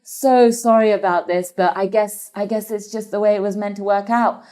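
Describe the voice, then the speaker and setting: A whiny, entitled prince, put on by a woman storyteller, scheming behind fake sadness. His complaints jump up high and his pleading drops to a hush. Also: steady tone, normal speed, natural voice. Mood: fake sorry. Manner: whining, pleading, fake-sad.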